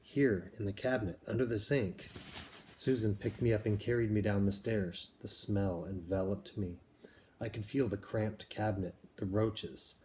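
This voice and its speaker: A man with a somewhat deep voice reads from a novel in a steady, measured way, occasionally pausing the story to explain things in plain terms. There's a faint noise in the background beneath him.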